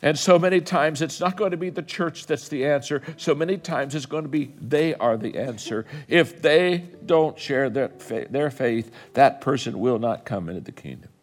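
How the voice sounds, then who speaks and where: A man preaching a sermon, telling stories with quoted dialogue, rising to fervent exhortation and closing in soft prayer. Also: normal speed, hardly any pauses. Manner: impassioned, climbing high and loud when exhorting. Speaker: guest preacher.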